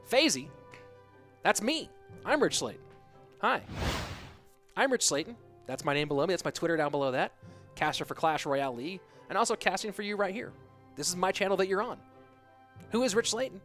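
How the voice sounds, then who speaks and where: A man's voice: sits high, lively intonation, normal speed, long pauses, a bit bright, faint music behind. A man casting a competitive game on his live stream, chatty and jokey, answering his chat between plays. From United States. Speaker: esports caster and streamer.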